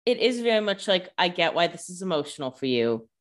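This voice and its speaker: A woman co-hosts a casual podcast, reacting to her partner with dry, joking comments. Her voice sits noticeably low. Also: sing-song, brisk. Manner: wry, joking asides. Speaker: podcast co-host. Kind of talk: casual chat.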